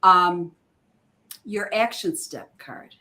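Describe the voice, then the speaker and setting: A woman's voice: fairly low pitch, lively intonation, drawn-out words, bright, forceful tone. A woman who is a guest in a casual chat, explaining her ideas with enthusiasm. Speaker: guest, oracle card creator.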